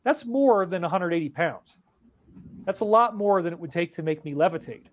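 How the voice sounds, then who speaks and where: High-voiced man telling a spiritual story. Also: expressive, normal speed. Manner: earnest, breathless, dramatic. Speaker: spiritual speaker. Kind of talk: emotional personal storytelling.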